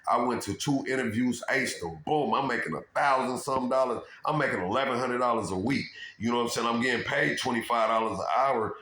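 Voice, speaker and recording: A man telling his own story in a rambling, profane, animated monologue and repeating "you know what I'm saying". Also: mid-range voice, fast, hardly any pauses, noisy background. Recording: roomy echo.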